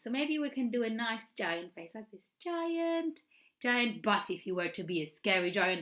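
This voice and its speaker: A woman's voice: mid-range voice, sharp tone. A woman presenting a children's story time, teaching signs for the story in a playful, encouraging, sing-song way.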